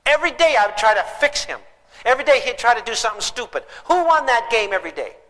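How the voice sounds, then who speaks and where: A man's voice: very high-pitched, quick pace. A middle-aged man giving a live parenting seminar, telling stories with humor to an audience. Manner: humorous, animated storytelling to an audience. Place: seminar hall. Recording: reverberant hall.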